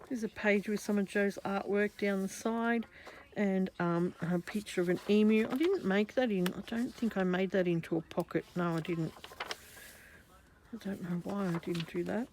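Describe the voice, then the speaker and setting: A woman's voice: mid-range voice, steady tone, a little slow, darkish tone, slight background noise. A woman with an Australian accent, chatting casually through a craft journal flip-through, meandering and often correcting herself. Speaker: craft vlogger.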